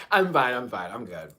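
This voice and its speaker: Male live-stream host, casual chat, swears freely, lively swinging pitch. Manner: chatty, expressive, swears casually, addresses viewers as y'all. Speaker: channel host. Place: seated at home in a chair.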